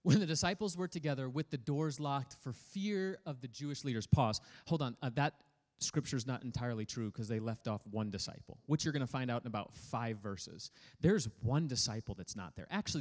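A man's voice: medium pitch, expressive, brisk, darkish tone. A man preaching a sermon as a pastor, casual and joking, reading scripture aloud and breaking off to comment on it. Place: church hall.

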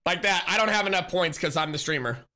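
High, bright-voiced male streamer. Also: lively intonation, fast. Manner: chatty, teasing, laughs often; reads chat aloud and greets viewers. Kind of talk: casual live-stream chat.

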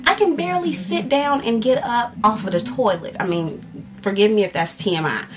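This vlogger's voice is fairly high, and she moves at a moderate pace while ranting casually to the camera at home. She's sore and frustrated from a workout, speaking animatedly and openly, often breaking off mid-thought and leaning on fillers.

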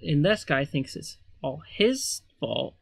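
A man's voice: fairly high pitch, sing-song, slow pace, vocal fry, no room sound. A man giving casual gameplay commentary as a let's player, rambling with sarcastic asides.

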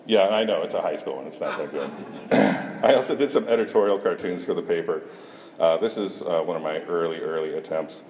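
A man's voice: sits low, a little fast, darkish tone. A middle-aged man from Iowa, a cartoonist giving a self-deprecating conference talk, joking with the audience. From Iowa, USA. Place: conference hall. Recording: echoey hall, faint room noise.

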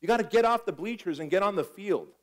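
A man's voice: sits high, lively intonation, quick pace, rough recording. A middle-aged man giving a live motivational talk, telling stories animatedly, acting out the dialogue and swearing. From Armenia. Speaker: motivational speaker.

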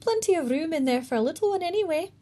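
A woman voicing a homely, motherly ghost woman from the countryside with a warm country voice, sounding dubious in a storybook reading. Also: extremely high pitch, animated, fast talker, voice pushed up.

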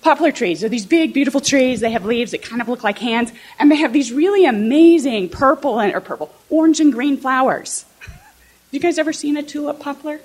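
A woman's voice: high voice, expressive, a little fast, slightly rough. A woman professor from southern Illinois giving a conversational talk to fellow teachers, often checking in with the audience. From southern Illinois, USA. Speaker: political science professor.

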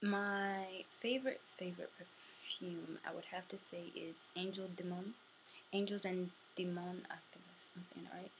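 A young woman chatting casually to camera, answering questions for a tag video, sometimes dropping to a soft murmur. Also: lowish voice, steady tone, normal speed, slight background noise, rough recording. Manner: chatty, drifting between soft murmurs and bright bursts.

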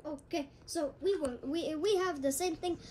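A woman's voice: sits high, moderate pace, a little mellow, a little hiss or hum, close to an everyday voice. A woman voicing an evasive restaurant cashier in a put-on Chinese accent, hesitating with many uhs. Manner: hesitant, full of uhs, apologetic.

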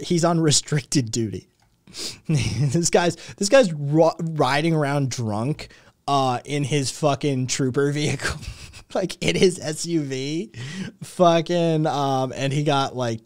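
A man's voice: fairly high pitch, darkish tone, no room sound, studio quality. A man hosting a podcast, chatting casually and sarcastically, swearing often and rambling with lots of fillers. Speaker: podcast host. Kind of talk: casual commentary chat.

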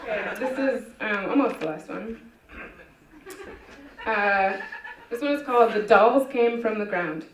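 A woman reading her own short stories aloud at a live literary event, with a wry, deadpan delivery. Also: medium pitch, unhurried, pauses often, noisy background. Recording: dull, echoey room from far off.

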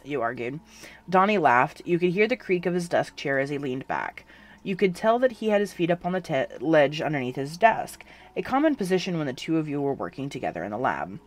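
A narrator reading a second-person fan fiction story aloud in an even, unhurried way. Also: mid-range voice.

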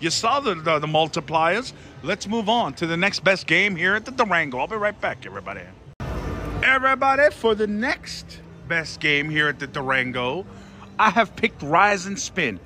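A man playing slots on a casino floor, giving excitable running commentary and calling out to his viewers and his mom. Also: fairly high pitch, moderate pace. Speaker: casino slot vlogger. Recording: casino floor with loud music. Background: slot machine music.

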